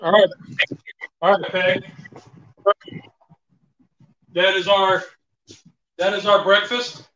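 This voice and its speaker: A man's voice: sits high, flat delivery, slow pace, pauses often, bright, forceful tone, highs cut off. A middle-aged man from the Carolinas with a Southern accent, chatting easily and encouraging his daughter while cooking on a livestream. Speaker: host, father cooking with daughters. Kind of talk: casual livestream chat.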